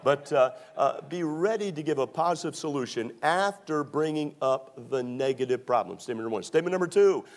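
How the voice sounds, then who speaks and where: Folksy preaching man, slightly high voice. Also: lively intonation, brisk, few pauses. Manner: folksy, conversational preaching with many fillers; quotes scripture and asks the congregation to respond. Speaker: pastor. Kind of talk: sermon.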